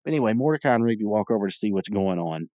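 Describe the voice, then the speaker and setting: A man's voice: fairly low pitch, lively intonation, racing, mellow, no room sound, clean studio sound. A man hosting a podcast, recapping a cartoon episode in casual, rambling talk full of fillers and opinionated asides. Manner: rambling and digressive, many fillers. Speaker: podcast host.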